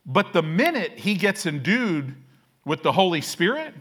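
A man's voice: high-pitched, big pitch swings, a little slow, fairly bright tone, husky. A man preaching a sermon as pastor, casual and self-deprecating, often checking in with "right?".

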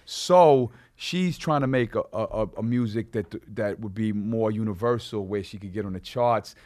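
A man's voice: lowish voice, a little mellow. A man with a New York accent arguing in a heated casual debate, often stammering and restarting. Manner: argumentative, interrupts, stammers and restarts. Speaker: rapper guest.

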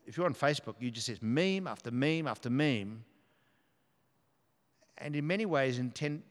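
Man preaching a sermon in a reverberant church. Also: medium pitch. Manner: earnest, reads scripture aloud with emphasis. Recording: long hall reverb.

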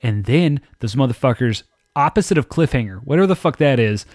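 A man's voice: medium pitch, brisk, dry recording, clean studio sound. Ranting, foul-mouthed podcast man. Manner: animated, swears heavily, ranting. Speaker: podcast co-host. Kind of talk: casual profane podcast chat.

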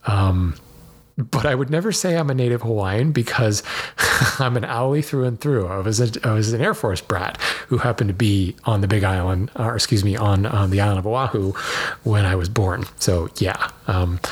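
A man's voice: fairly low pitch, breathy edge. A man hosting a podcast, answering listener mail in a chatty way that often wanders off on side tangents. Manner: rambling, digressive, chatty. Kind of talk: casual podcast talk.

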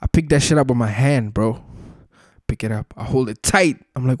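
A man's voice: medium pitch, brisk, darkish tone, dry recording. Slangy young man, dry sound. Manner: slangy, laid-back storytelling with frequent filler tags. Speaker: podcast host. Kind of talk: casual solo podcast chat.

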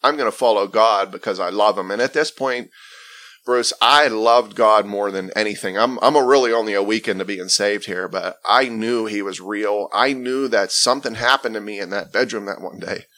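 In a conversational interview, a male guest earnestly shares his faith testimony, speaking emphatically and often restarting his phrases. His voice is lowish and sharp in tone, at a moderate pace.

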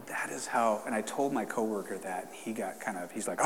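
A pastor with a lowish voice talks a little fast as he preaches casually to his congregation, then leads an impassioned prayer. It's recorded in a church sanctuary with long reverb and slight background noise.

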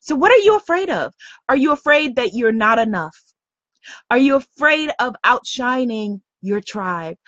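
A woman's voice: a little high, lively intonation, measured pace, fairly bright tone, no echo, lo-fi sound. A woman coach giving an emphatic, upbeat motivational lesson, repeating her key points. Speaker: spiritual business coach. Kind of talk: motivational teaching talk.

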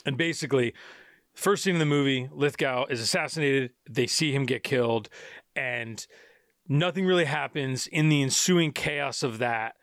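A man's voice: medium pitch, normal speed, a bit bright, no echo, studio quality. A man hosting a casual film podcast, rambling through plot summaries with many restarts and fillers. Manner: rambling, full of restarts and "you know". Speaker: podcast host.

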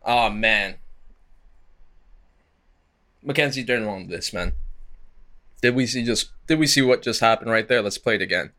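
Host, male, bright forward tone, chatty slangy video commentary. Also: lowish voice, a little slow, pauses often. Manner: slangy, chatty, animated asides.

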